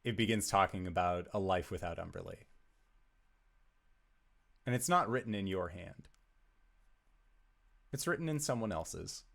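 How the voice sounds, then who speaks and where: A man with a fairly low voice runs a tabletop game as its game master. He narrates slowly and deliberately, in a measured, descriptive manner. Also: animated, creaky, fairly bright tone.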